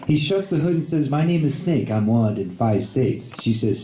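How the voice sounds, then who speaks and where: A man's voice: medium pitch, lively intonation, measured pace, long pauses, noisy background. A man at an open mic casually reciting a humorous poem with an amused delivery. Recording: echoey cafe room.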